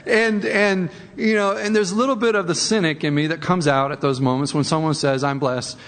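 A man's voice: high voice, steady tone, a little fast, a bit bright, long reverb tail. A man preaching a sermon in a conversational way, often repeating words and rising for emphasis. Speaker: pastor.

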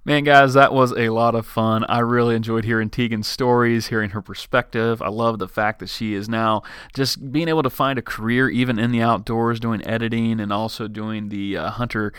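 A man's voice: fairly low pitch, little pitch movement, brisk, few pauses, a bit bright, clean tone, no room sound, clean studio sound. An American man closing his podcast episode with an enthusiastic sign-off and a short devotional thought. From United States. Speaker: podcast host.

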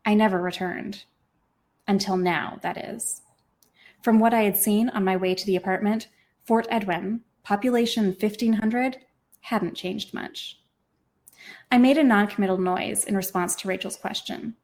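A woman's voice: medium pitch, fairly even intonation, normal speed, a little mellow. Woman reading her own novel. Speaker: author and podcast host.

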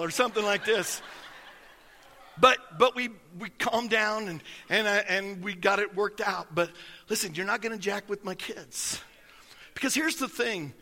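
A man's voice: sits high, pushed and bright, long reverb tail. A man preaching a sermon as pastor, folksy and emphatic, telling stories to his congregation.

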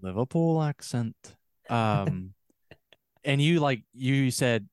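A man's voice: mid-range voice, animated, takes it slowly, clean tone, no echo, clean studio sound. A man co-hosting a podcast in casual chat, rambling and trailing off with frequent laughs. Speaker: podcast co-host.

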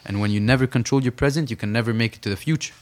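A young man, a professional boxer, telling an intense story in a conversational interview and slowing down to stress his key points. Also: medium pitch. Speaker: professional boxer, podcast guest.

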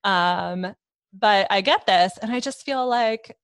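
A woman hosting a podcast, telling a story in a casual, animated way, with lots of "like" and a rising upspeak at phrase ends. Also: mid-range voice, slow pace, clean tone, no echo. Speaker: podcast host. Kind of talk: casual chat.

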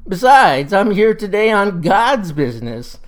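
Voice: medium pitch, big pitch swings, a little slow, voice pushed up. A narrator doing a sly genteel country Baptist. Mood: persuasive. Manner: genteel, drawling, persuasive.

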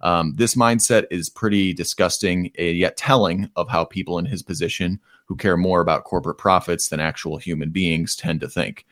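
A man's voice: sits low, fairly even intonation, normal speed, hardly any pauses, fairly bright tone, no room sound, studio quality. A man from the Detroit area hosting a podcast segment, giving casual, opinionated commentary on economic news with frequent ums. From Metro Detroit, USA. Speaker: podcast host.

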